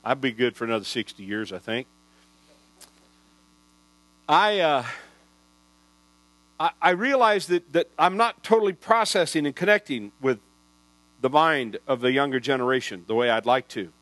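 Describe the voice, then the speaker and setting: A man's voice: mid-range voice, expressive, moderate pace, long pauses, a bit bright, no echo, poor audio. Older guy preaching in a folksy rambling way, lots of restarts, dry sound with a hum in the background. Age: 60s. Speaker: pastor. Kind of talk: sermon storytelling.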